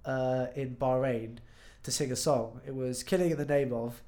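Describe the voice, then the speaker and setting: A man's voice: mid-range voice, fairly even intonation, warm tone. A man, a guest musician on a podcast, chatting casually and telling stories full of asides and self-corrections. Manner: rambling storyteller, quick asides and self-corrections.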